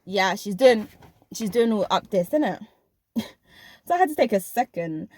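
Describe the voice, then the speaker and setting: In a studio-quality recording with no room sound, a woman vlogs about a job she held at a school. Her mid-range, darkish voice is animated and moves at normal speed. She tells it emphatically, addressing viewers head-on.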